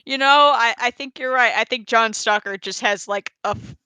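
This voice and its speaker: Bright, crisp-voiced woman co-host. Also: on the high side, normal speed, no room sound. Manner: giggly, quotes characters in silly voices. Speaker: podcast co-host. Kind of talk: casual cartoon recap chat.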